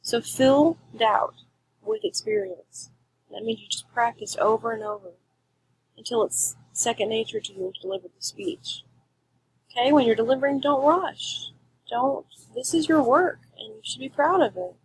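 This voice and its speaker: A woman teaching a class, giving clear, emphatic instructions in a recorded lecture. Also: on the high side, moderate pace, poor audio.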